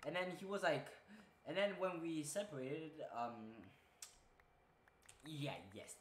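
Rambling Brazilian-accented guy, lively voice. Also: a little high, slow, pauses often, roomy sound, slight background noise. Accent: Brazilian Portuguese. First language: Portuguese. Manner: rambling, fills every phrase with "okay?" and "bro". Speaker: student vlogger. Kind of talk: rambling casual storytelling while gaming.

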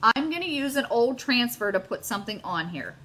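A middle-aged woman leads a casual live craft demo from her home, gushing over her work. She talks straight to her viewers in a chatty, excited way. Her voice sits a bit high. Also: a little fast. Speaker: craft video host.

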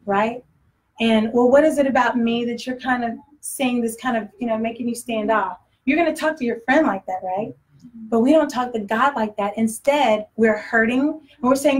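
A woman preaching to her congregation in a loose, conversational style. Her voice sits fairly high, and she slips into little acted-out voices and laughs as she goes. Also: normal speed, poor audio. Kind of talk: sermon.

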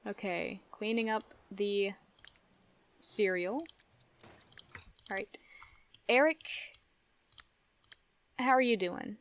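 A woman's voice: mid-range voice, very slow, pauses often, a little hiss or hum. A young woman giving casual gameplay commentary, chatting to her game characters and laughing often. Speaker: let's play gamer.

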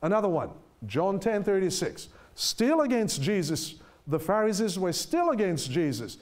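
A man preaching a sermon who stresses his points, asks his listeners rhetorical questions and reads scripture aloud slowly. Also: sits high, sing-song.

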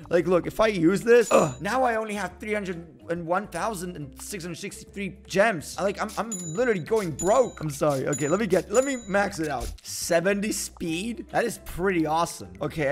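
Young male game commentator, a bit high-voiced, hoarse and screamed-out, excitable and show-offy. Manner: excitable, boastful joking. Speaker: gaming video host. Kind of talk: casual let's-play commentary.

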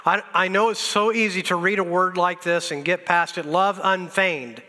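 High, bright-voiced pastor preaching. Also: male voice, fairly even intonation, fairly quick. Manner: earnest, exhorting, repeats lines for emphasis; self-deprecating humor, chuckles at himself. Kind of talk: sermon. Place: church sanctuary. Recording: reverberant church sanctuary.

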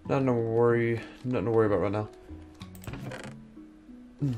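A man's voice: medium pitch, steady tone, normal speed, dull audio, over music. A young man giving casual gameplay commentary, muttering to himself as he sorts items and explores, sounding sleepy and yawning. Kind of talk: casual let's-play commentary.

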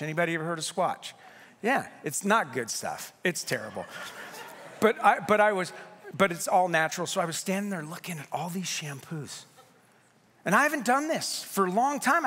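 Animated pastor preaching in a reverberant hall. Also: male voice, a little high. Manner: animated storytelling with humor. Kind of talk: sermon. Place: church sanctuary.

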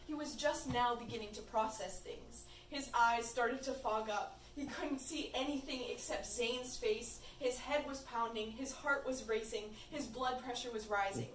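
A woman's voice: fairly high pitch, unhurried, few pauses, far from the mic. A young woman reading her fan fiction aloud at a party in an amused, informal way. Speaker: reader. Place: room at a birthday party. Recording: echoey room from afar, faint noise.

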